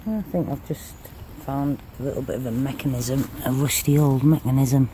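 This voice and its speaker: A man's voice: mid-range voice, fairly even intonation, moderate pace, mellow, rough recording. A man mudlarking on a river bank, muttering casual commentary to himself as he searches. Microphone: handheld camera mic. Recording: outdoor noise on camera mic.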